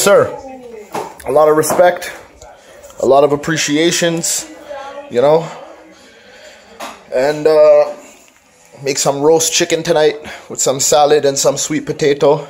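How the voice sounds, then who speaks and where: A man's voice: a little high, a little mellow. A man with a Toronto accent, joking and rambling as he chats to his vlog camera. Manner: joking, rambling, laughs at himself. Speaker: vlogger, father. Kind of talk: casual vlog chat.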